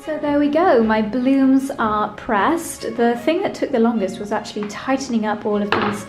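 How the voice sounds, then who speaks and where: A woman's voice: a little high, moderate pace, music in the background, poor audio. A woman chatting casually to camera at home in a playful, giggly way. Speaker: lifestyle vlogger. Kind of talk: casual vlog chat to camera. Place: at home indoors.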